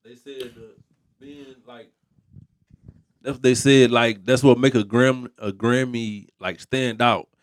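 A man's voice: mid-range voice, fairly even intonation, a little slow, dry recording, clean studio sound. Hesitant man reasoning aloud. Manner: thoughtful, hesitant, fillers like "like" and "um". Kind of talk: casual chat.

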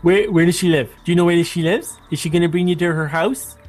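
A man playing a tabletop game in an excitable, chatty way, often exclaiming. His voice is a little high, with faint music behind him. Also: fast. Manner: excitable, laughing, says oh my gosh often. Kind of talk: casual game play.

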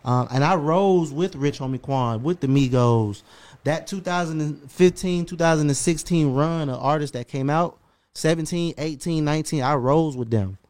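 A man, a podcast host telling stories in casual, profane chat. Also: fairly high pitch. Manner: animated storytelling, profane, fast-talking.

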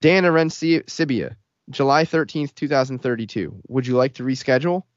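A man's voice: medium pitch, normal speed, no echo, lightly acted. A man voicing an eerily polite female phone operator with a scripted customer-service cadence, on a dull lo-fi recording. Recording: dull lo-fi sound.

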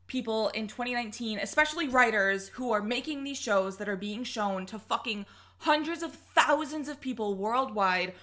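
A woman's voice: mid-range voice, a bit bright. A young woman co-hosting a casual podcast, ranting heatedly and swearing often. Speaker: podcast co-host.

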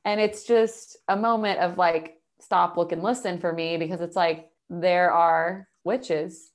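A woman's voice: on the low side, fairly even intonation, unhurried. Chatty woman podcast co-host. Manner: chatty, recaps the story with quoted asides. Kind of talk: casual chat.

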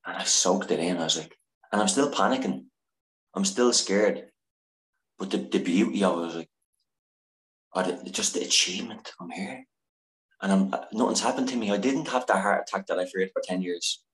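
A man with a deep, low voice tells a candid personal story as a podcast guest. He is earnest and emotional, swears freely and trips over his own sentences. The sound is roomy and echoey. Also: moderate pace, pauses often, a bit bright. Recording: echoey room.

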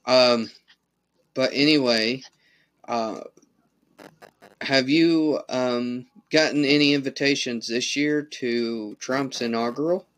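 A man hosting a casual chat, relaxed and meandering. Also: mid-range voice, takes it slowly, pauses often, no echo.

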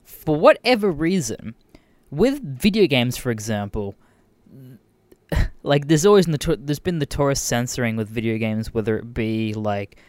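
A man's voice: medium pitch, measured pace, dry recording. Profane young Australian man ranting. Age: young adult. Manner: profane, animated, laughs often. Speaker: podcast host. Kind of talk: casual rant.

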